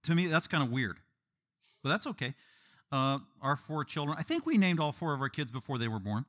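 Animated, emphatic male preacher. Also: on the high side, fairly quick. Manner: animated, emphatic, joking asides. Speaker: pastor. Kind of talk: expository sermon.

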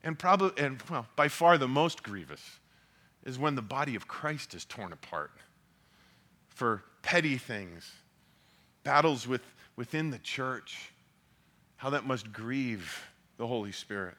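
Bright-voiced man preaching. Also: medium pitch, lively intonation, a little slow, long pauses. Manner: earnest, repeats words when building a point. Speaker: pastor. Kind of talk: sermon.

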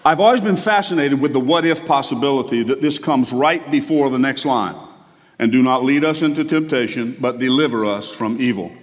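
Impassioned preacher man in a big hall. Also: mid-range voice. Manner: impassioned, swings from quiet to loud. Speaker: pastor. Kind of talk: sermon.

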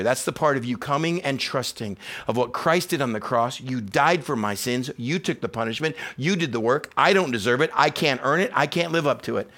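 Man preaching an animated sermon. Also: on the high side, fairly quick, few pauses. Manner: animated preaching, swings from loud emphasis to quiet reflection; acts out quoted voices in a casual conversational tone. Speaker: pastor.

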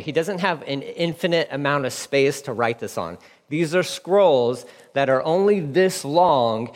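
A man preaching a sermon in a conversational, animated way, dropping into quick acted asides. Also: medium pitch, in a large hall. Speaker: pastor.

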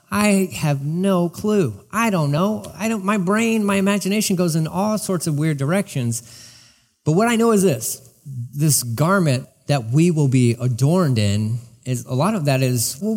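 A male pastor delivers a sermon in a relaxed, conversational style, slipping into personal stories and asides. His voice sits in a middle range and rings out with a long reverb, as if heard in a large church sanctuary. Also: medium pitch. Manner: conversational, animated preaching with asides.

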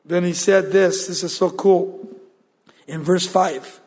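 Male pastor, sermon delivery, emphatic call-and-answer, high voice, long reverb. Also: fairly even intonation, slow, darkish tone. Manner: emphatic preaching, rhetorical questions answered aloud.

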